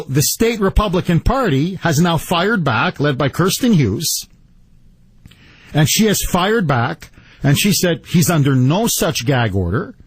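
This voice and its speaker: A man's voice: on the high side, slightly rough, no room sound. A man hosting a political talk radio show, delivering an emphatic monologue and stressing his words.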